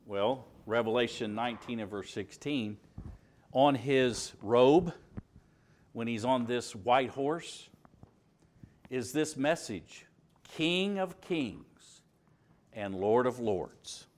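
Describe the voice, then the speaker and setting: A man with a Southern US accent preaching a sermon, stressing key words by rising, dropping and slowing down. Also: medium pitch, animated, a little mellow. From Alabama, US. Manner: emphatic, rises and drops for stress, slows on key words.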